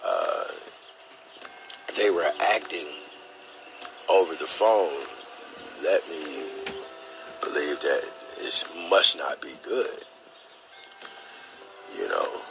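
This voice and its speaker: A young man tells a personal story in a halting, earnest way, repeating words and using many fillers. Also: very deep voice, rough recording. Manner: earnest and emotional.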